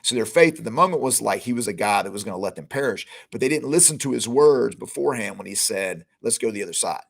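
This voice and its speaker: A man's voice: on the low side, expressive, fast, creaky, hardly any pauses, husky. A middle-aged man hosting a podcast, giving a conversational Bible teaching that retells scenes with informal quoted lines. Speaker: podcast host teaching scripture.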